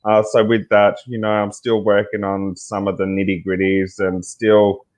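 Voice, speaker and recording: Joking Australian man with a low voice. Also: level tone, moderate pace, a little mellow. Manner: joking, laid-back. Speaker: guest, nonprofit founder. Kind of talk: casual interview.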